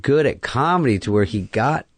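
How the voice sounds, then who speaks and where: A man's voice: mid-range voice, animated, normal speed. A man from Arizona reminiscing in a casual interview with a sardonic, offhand manner. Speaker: comedian interviewee.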